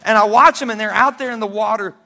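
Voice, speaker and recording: A middle-aged male pastor preaching a sermon, telling stories with animated energy and bursts of shouting. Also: high-pitched, fast talker, vocal fry. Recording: long hall reverb.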